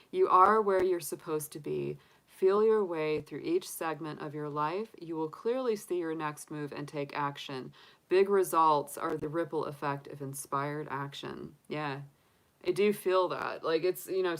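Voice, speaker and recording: Low-voiced chatty woman. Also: low-quality recording. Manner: chatty, upbeat, filler-heavy. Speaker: tarot reader. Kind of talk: casual livestream reading.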